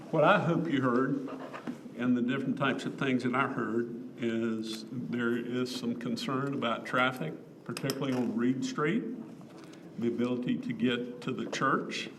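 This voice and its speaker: Slow-speaking man chairing a meeting. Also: mid-range voice. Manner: measured, summarizing, pauses with fillers. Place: council meeting room. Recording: distant mic with clear background noise.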